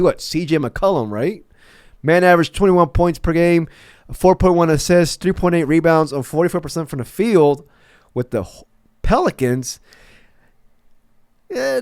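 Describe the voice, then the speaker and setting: A man's voice: sits high, dry recording, clean studio sound. A man giving casual, rambling commentary as a basketball fan, with stammering restarts and profane asides.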